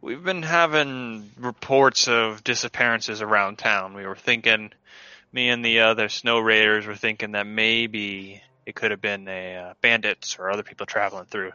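A wary minotaur village guard, as a man puts him on, folksy and plain-spoken in a bright, forward voice. He is heard through dull, lo-fi online call audio with a dry sound and faint music behind. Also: fairly low pitch, no echo.

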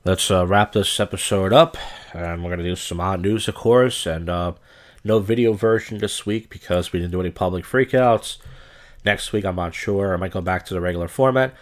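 A man with a low-sitting voice hosts a comedy podcast, speaking at a normal speed. He reads odd news stories in a casual, comedic way and adds sardonic, rambling asides.

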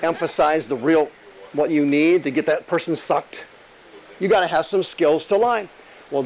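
A fairly high-voiced man teaches from scripture in a conversational sermon, firing rhetorical questions. He slows down to lean on key words. A faint hiss of noise sits under his voice. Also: darkish tone, rough recording. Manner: conversational, rhetorical questions, emphatic slow stresses. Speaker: preacher.

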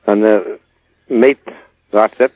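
A man's voice: lowish voice, steady tone, slow pace, no echo, highs cut off. An older man, a rural guest on a radio show, rambling about animals in a folksy, confident way. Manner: rambling, folksy, sure of himself. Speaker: rural guest answering listener questions. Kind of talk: casual radio chat.

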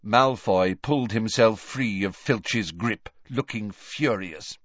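A man's voice: fairly low pitch, slow pace, lo-fi sound. A man reading an audiobook aloud as its narrator. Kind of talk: scripted narration.

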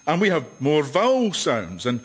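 A man's voice: a little high, wildly swooping pitch, moderate pace, slightly rough. A man with a Scottish accent in scripted radio comedy, smug and mock-lecturing. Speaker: comedy performer.

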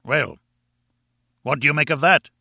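A man's voice: measured pace, vocal fry, pushed and bright, slightly rough, dry recording, studio quality, full character voice. A man voicing a pompous, contemptuous older male professor who lectures in a triumphant, scornful way. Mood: lecturing. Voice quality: booming and scornful.

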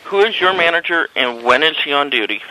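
A man calling a hotel desk with a complaint, measured, deliberate and insistent. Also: a little high, animated, bright, forceful tone, slight background noise, low-quality recording. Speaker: hotel guest caller. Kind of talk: phone complaint.

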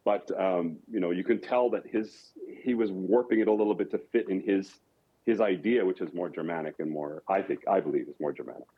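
A man's voice: low voice, a little fast, slightly rough. A man from rural Colorado, an opera singer guest, explaining his craft in a reflective, thoughtful way. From rural Colorado, USA. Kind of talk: casual interview talk. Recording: dull lo-fi audio.

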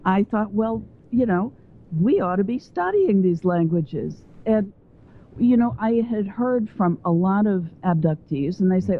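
A woman's voice: mid-range voice, animated, measured pace. A woman guest on a phone interview who talks at length and wanders between points as she explains her ideas. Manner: talkative and digressive. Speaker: guest author. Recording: tinny phone line.

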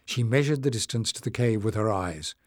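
A man narrating an audiobook in a measured, steady way. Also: on the low side, no echo, clean studio sound. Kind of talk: scripted narration.

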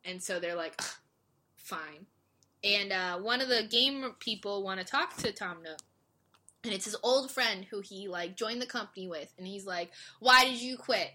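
Animated young woman, bright voice. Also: medium pitch. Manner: animated, laughing, acts out characters in quick voices. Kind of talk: casual chat recapping a story.

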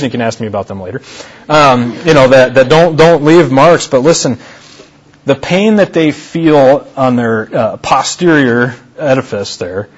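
A man's voice: mid-range voice, husky. A male pastor preaching a sermon in a conversational way, repeating key phrases for emphasis. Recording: dull lo-fi sermon recording.

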